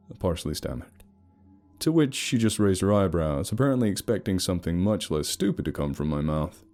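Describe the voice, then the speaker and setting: A very deep, dark-toned man narrating a first-person horror story. He tells it wryly and with lively, expressive pitch, over faint background music. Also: fairly quick. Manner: wry, sarcastic storytelling.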